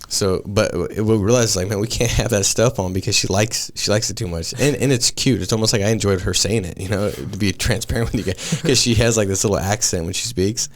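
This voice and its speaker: Brief: male podcast host, 30s, lowish voice, easygoing dude-speak. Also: brisk, few pauses. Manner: laid-back, says dude and man a lot. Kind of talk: casual podcast chat.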